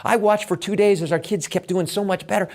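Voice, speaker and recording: A middle-aged man, a swim coach, telling a motivational story, swinging from loud excitement to hushed, intimate moments. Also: sits high, a little fast.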